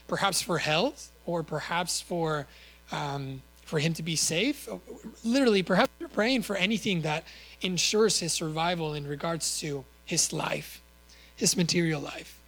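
Earnest male preacher, slightly high voice. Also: a bit bright, rough recording. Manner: earnest, with rhetorical questions and small self-corrections. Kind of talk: sermon.

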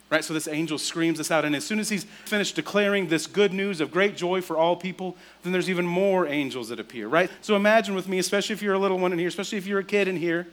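A man preaching a sermon in a church, telling stories conversationally, often asking "right?" and dropping to a hushed voice to stress a point. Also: high voice, fast. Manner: drops to a soft, hushed voice for emphasis. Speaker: pastor.

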